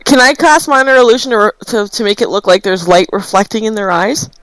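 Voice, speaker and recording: A woman's voice: mid-range voice, fairly quick, fairly bright tone, no room sound, low-quality recording. A woman playing a tabletop game, talking casually and thinking aloud.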